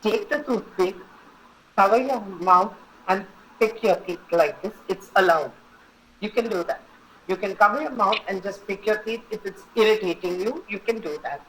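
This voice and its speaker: A woman's voice: mid-range voice, normal speed, a little hiss or hum, rough recording. A woman teaching an online etiquette class, giving firm, repetitive instructions and checking in with her students. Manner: instructive, repeats points and checks with "okay?".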